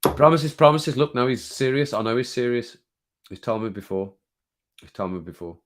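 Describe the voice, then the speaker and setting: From his desk at home, a British YouTube channel host runs a casual live-stream chat, rambling, laughing, and often repeating himself. His voice is on the low side at a normal speed, with slight background noise.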